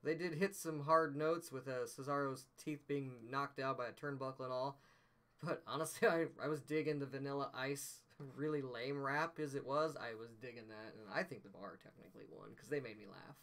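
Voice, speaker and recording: A man's voice: medium pitch, brisk, fairly bright tone. A man co-hosting a casual stream, chatting about wrestling predictions in a rambling, laughing way. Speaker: stream co-host.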